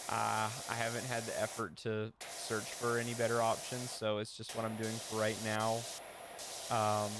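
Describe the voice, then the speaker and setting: A young man chatting on his stream in an easygoing, rambling way, full of fillers. His voice sits at an ordinary middle pitch. A steady hiss stays under his desk mic. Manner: rambling, with many fillers and laughs. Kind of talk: casual chat. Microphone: headset or desk mic with an audio interface.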